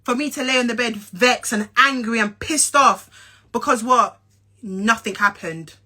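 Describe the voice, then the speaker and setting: A young woman with a London and Essex accent delivers an angry rant straight to camera. Her voice sits high and sounds bright and sharp. She talks bluntly and profanely, confronting her listener and hammering her points home by repeating them. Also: measured pace. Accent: London and Essex English. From England. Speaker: social media personality.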